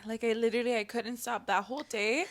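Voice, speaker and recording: A woman's voice: on the high side, fast talker. A young woman co-hosting a podcast, giggly and casual, swearing as she chats. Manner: giggly, swears, joins in on the stories. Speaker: podcast co-host. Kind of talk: casual chat.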